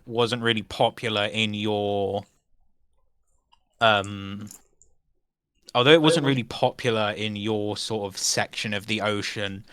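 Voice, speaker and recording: A man's voice: medium pitch, fairly bright tone, smooth, dry recording. A man narrating as game master in a tabletop game, loose and filler-laden.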